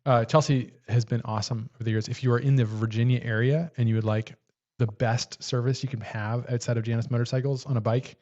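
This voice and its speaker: A man hosting a casual livestream, answering viewer questions in a relaxed way with many fillers and restarts. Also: medium pitch, fast talker, muffled recording. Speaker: livestream host.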